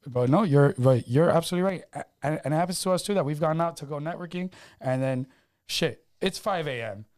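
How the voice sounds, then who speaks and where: A man's voice: a little high, brisk, darkish tone. A man hosting a casual podcast, joking loosely and swearing freely. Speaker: podcast host.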